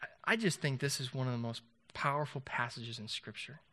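A man's voice: medium pitch, fairly quick, bright, forceful tone. A man preaching a sermon in a conversational way, asking the congregation rhetorical questions and often restarting his sentences. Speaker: pastor.

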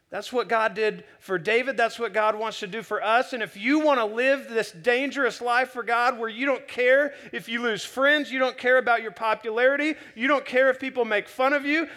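A young man preaching in a chatty, animated way, often repeating words as he restarts sentences. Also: very high-pitched. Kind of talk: storytelling sermon.

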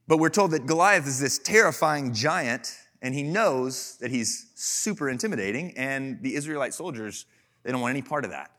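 A man from Texas preaching a sermon as pastor, casual and animated, telling playful stories with humor. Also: a little high, normal speed.

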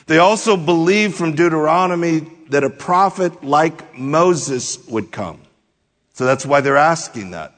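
Slow-spoken preacher in an echoing hall. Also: male voice, a bit bright. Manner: slow, deliberate verse-by-verse teaching, dropping low at phrase ends. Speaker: pastor. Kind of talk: expository sermon. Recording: long hall reverb.

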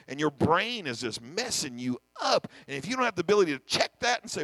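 A man's voice: sits high, animated, a little fast, hardly any pauses, a bit bright, dry recording, low-quality recording. A male senior pastor preaching a sermon, emphatic, often repeating words and acting out the voices in his head.

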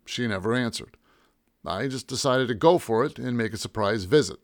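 A man narrating a first-person story in a wry, deadpan way. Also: medium pitch, no echo, studio quality. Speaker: audiobook narrator.

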